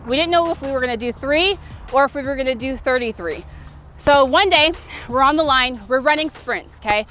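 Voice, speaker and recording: A woman in her thirties, a former softball player, telling a lively motivational story to camera. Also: high voice, brisk, slight background noise.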